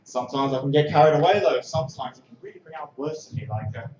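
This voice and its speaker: A man performing a stand-up comedy set on an open stage, talking casually and breaking into shouted bursts when he acts out scenes. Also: fairly high pitch, fast, echoey room, highs cut off, a little hiss or hum. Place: small comedy club stage.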